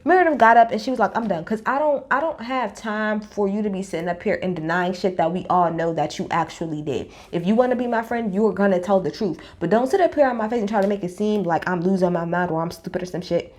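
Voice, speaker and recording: A woman recapping a reality TV episode in a blunt, profane, animated storytelling style. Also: medium pitch, quick pace, hardly any pauses. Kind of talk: casual opinionated recap.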